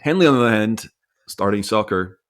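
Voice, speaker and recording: A man's voice: fairly low pitch, animated, brisk. Earnest man telling a family story. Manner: reflective, earnest, with frequent restarts. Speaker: podcast co-host. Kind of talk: casual conversational storytelling.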